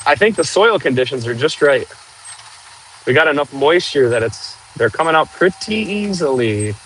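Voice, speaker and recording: A man hosting a casual outdoor livestream, chatting and joking with viewers while clearing trees with a machine. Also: fairly high pitch, a bit bright, slight background noise, poor audio. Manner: chatty, jokey, talks to viewers while working. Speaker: livestream host.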